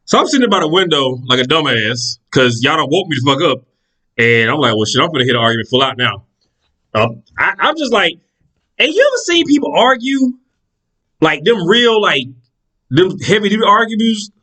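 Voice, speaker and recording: A man with a voice on the high side tells a story in a casual monologue. He's animated and swears freely, acting out the people in it. The recording is rough.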